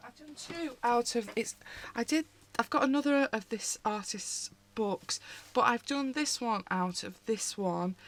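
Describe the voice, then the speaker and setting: A British woman hosting a casual haul vlog from home, talking in a rambling, chatty way with frequent asides as she pages through books. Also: on the high side. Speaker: colouring channel host.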